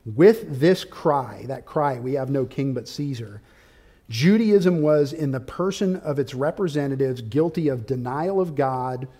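A man preaching an expository sermon, walking through his outline point by point and rising to forceful, loud peaks of emphasis. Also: medium pitch, lively intonation, moderate pace. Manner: outlined teaching with subpoints. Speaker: pastor.

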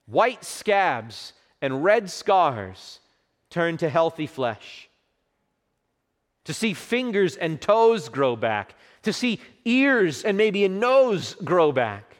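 A man preaching a sermon with passion, dropping to a hush for quoted words and rising for emphasis. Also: a little high, very animated, drawn-out words. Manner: impassioned preaching, hushed quotes, swelling emphasis. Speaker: pastor. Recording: long hall reverb.

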